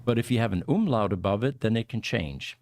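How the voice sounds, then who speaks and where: Chatty low-voiced man hosting a podcast. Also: animated, brisk, a little mellow, no echo, clean studio sound. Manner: chatty, rambling explanations with fillers. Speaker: podcast host. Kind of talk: casual livestream chat.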